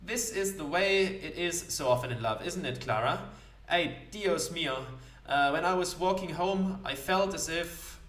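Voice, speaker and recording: A man's voice: fairly high pitch, measured pace, fairly bright tone, voice pushed up. A man doing a wistful young Spanish sailor. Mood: passionate. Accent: put-on Spanish. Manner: passionate, lilting, sprinkled with foreign phrases. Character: wiry young male Spanish seaman, wistful, romantic. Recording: roomy sound, distant mic.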